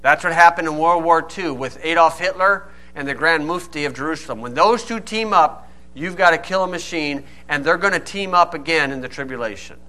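A man preaching a sermon, stressing key words loudly and dropping to quiet asides. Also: a little high, brisk. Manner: emphatic, swings from loud stresses to quiet asides.

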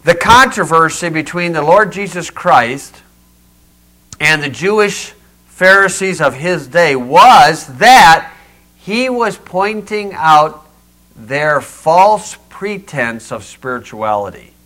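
A man delivers a sermon in a small church, his voice bright and ringing, a touch higher than most men. He drives home each point with sharp rhetorical questions and lightens it with down-home humor. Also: animated, takes it slowly. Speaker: pastor.

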